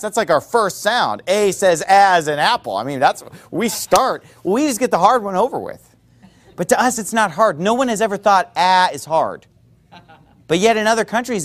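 Man preaching, fairly high voice, very lively intonation, chatty, digressive sermon. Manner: conversational, digressive, with quick rhetorical asides.

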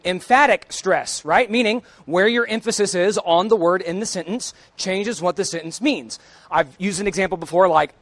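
A high-pitched young man preaches to his congregation, talking plainly and joking, then pressing his points hard until he nearly shouts. The sound is dry and close. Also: no room sound. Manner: emphatic, rising to near-shouts; conversational, jokes with the congregation. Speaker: song leader preaching at church. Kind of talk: sermon. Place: church sanctuary.

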